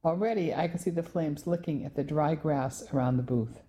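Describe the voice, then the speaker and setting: A woman narrating a novel in the first person, telling the story in a clear, measured way. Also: low-pitched, mellow, a little hiss or hum. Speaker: audiobook narrator.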